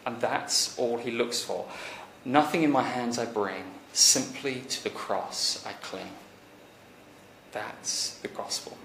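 A man preaching a conversational sermon, animated, rising to emphatic peaks and then dropping quiet. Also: mid-range voice, takes it slowly, creaky, a little hiss or hum. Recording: echoey church hall recording.

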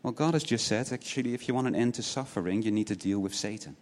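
Low-voiced male preacher in a reverberant hall. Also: quick pace, a little mellow. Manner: asks many rhetorical questions, tagging points with "right?"; earnest, repeats words as he restarts. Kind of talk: sermon.

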